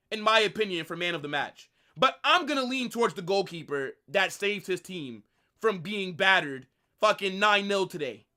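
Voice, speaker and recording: Young male streamer, livestream football reaction, excitable and exasperated, bright tone, very animated delivery. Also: sits high. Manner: excitable, exasperated ranting with swearing and repeated phrases. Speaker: football watch-along streamer. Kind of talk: live match reaction.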